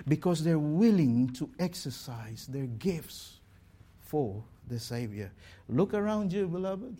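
A pastor preaching a sermon, exhorting the congregation with pointed rhetorical questions. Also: male voice, high voice, darkish tone. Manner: exhorting, rhetorical questions, slow deliberate delivery.

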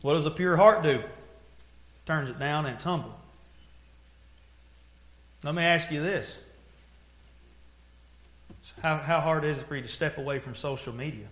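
A man preaching a sermon, telling folksy stories and moving from hushed, heavy moments to loud, pressing exhortation. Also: a little high, unhurried, pauses often, roomy sound.

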